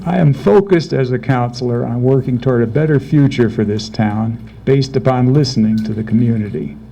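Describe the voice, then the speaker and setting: A man running for council, reading a prepared closing statement in a steady, even delivery. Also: medium pitch, fairly quick, gravelly. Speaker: council candidate. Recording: dull lo-fi recording with faint noise.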